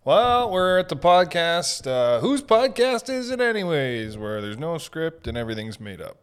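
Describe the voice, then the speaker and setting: A man's voice: fairly high pitch, very animated, normal speed, smooth. A man with a Boston accent hosting a podcast, delivering a crude, swearing, unscripted comedic rant. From Boston area. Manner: crude, ranting, lots of swearing and laughing asides. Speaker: podcast host. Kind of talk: unscripted profane comedic monologue.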